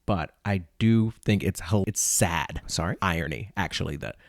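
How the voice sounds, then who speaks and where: Incredulous young man ranting, low voice. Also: normal speed, vocal fry, no echo, clean studio sound. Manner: incredulous, ranting, mock voices for imagined people. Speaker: podcast host. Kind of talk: casual commentary reading tweets.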